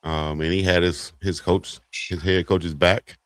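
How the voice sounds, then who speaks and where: Deep-voiced dude co-hosting sports talk, slangy, dry sound. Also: male voice, unhurried, no room sound. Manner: slangy, animated, acts out quotes. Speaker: co-host. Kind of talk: casual sports talk show.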